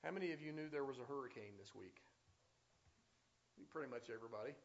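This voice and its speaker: A man's voice: mid-range voice, quick pace, creaky, a little hiss or hum. A man preaching a sermon who reads scripture aloud and then comments on it with rising intensity. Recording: slightly dull, lo-fi sound.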